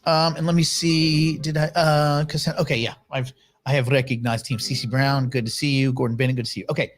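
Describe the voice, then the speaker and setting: The livestream host speaks with a medium pitch and fairly even intonation, a little on the quick side. Reading chat, he welcomes viewers by name as they arrive and delivers blunt opinions in a casual way.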